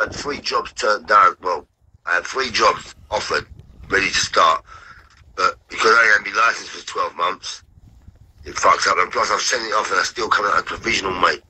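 A man's voice: low-pitched, moderate pace, pushed and bright, a little hiss or hum, rough recording. A man on a call from his bed, talking bluntly and repeating himself. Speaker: caller on a live stream. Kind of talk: casual chat. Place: at home in bed.

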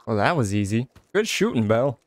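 A young man giving casual let's-play commentary, excitable, exclaiming and chatting to an in-game companion. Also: mid-range voice, a little fast, noisy background. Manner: excitable, talks to companion character, frequent laughs and exclamations. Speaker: gaming channel host.

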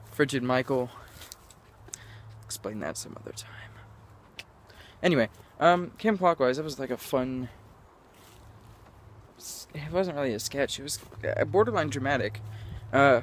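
A young man with a medium-pitched voice wanders through a casual outdoor vlog in the sun, laughing a lot at himself and losing his thread. His camera-mic recording has a little hiss or hum.

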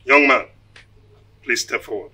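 An actor playing a solemn, commanding shrine priest. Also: male voice, medium pitch, a little slow, bright, forceful tone, husky, recorded from a distance, exaggerated voice, rough recording.

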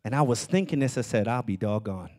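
A man preaching a sermon as pastor of his church, with animated delivery that climbs into shouts. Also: medium pitch, fast. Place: church sanctuary.

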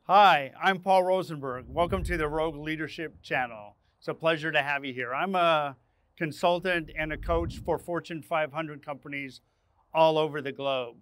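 Animated male storyteller, slightly high voice. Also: normal speed. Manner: animated, acts out his own panicked lines. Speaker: leadership speaker and channel host. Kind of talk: dramatic personal storytelling to camera.

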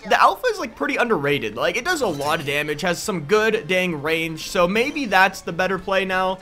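Young guy narrating his match, bright sharp tone, jumpy and animated, yelps when things go wrong. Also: high-pitched. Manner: excitable, yelps and laughs at sudden danger. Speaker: gaming YouTuber. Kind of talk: live gameplay commentary.

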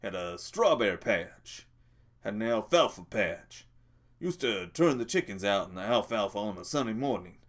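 A man's voice: on the low side, expressive, normal speed, lightly acted. A man voicing a lonely, bitter older stable hand who drawls in stammered rural speech. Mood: wistful.

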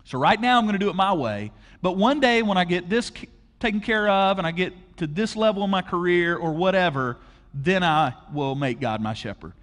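A man's voice: high voice, expressive, brisk, a bit bright. A man preaching a conversational sermon to a church audience, asking them questions directly. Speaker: pastor. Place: large church auditorium. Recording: long hall reverb.

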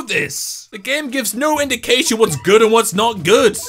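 A man's voice: high-pitched, big pitch swings, a little fast, hardly any pauses, a bit bright, faint music behind. A young man giving gameplay commentary, ranting, swearing and joking about his losses. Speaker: game commentator.

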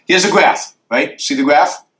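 In a lecture Q&A, a man with a high, bright, forceful voice answers emphatically, hammering points with repeated rhetorical questions and drawing graphs in the air for the audience. He's unhurried, and the echoey lecture-hall sound carries slight background noise.

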